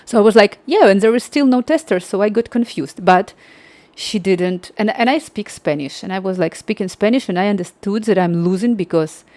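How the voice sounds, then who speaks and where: Woman, livestream host, casual anecdote, lively retelling, dry room. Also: medium pitch, brisk, dry recording. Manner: animated, acts out quoted dialogue. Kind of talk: casual storytelling.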